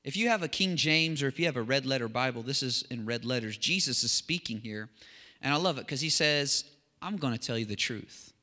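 A man preaching a sermon as a pastor, talking with rising animated excitement. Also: mid-range voice, a little fast. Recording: long hall reverb.

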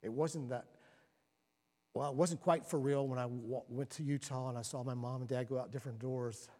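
A man preaching a sermon, moving from quiet and solemn to animated storytelling. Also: moderate pace. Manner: animated storytelling, rising to excited, laughing highs. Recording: long reverb of a large hall.

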